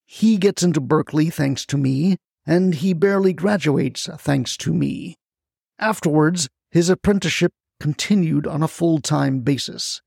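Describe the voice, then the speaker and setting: A desperate older man, put on by a gravelly narrator, pitched up and drawn out, agitated and profane. His talk lands in a dry, close space with a rough fry underneath. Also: unhurried, darkish tone, no echo, exaggerated voice. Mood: grim, weary.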